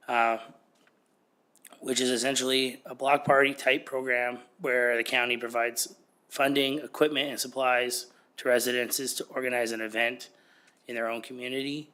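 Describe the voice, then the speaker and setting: Slightly hoarse man with a flat, bright voice. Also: medium pitch. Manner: steady, with frequent "uh" and "um". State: a little hoarse. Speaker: committee member presenting to council. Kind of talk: formal report at a council meeting.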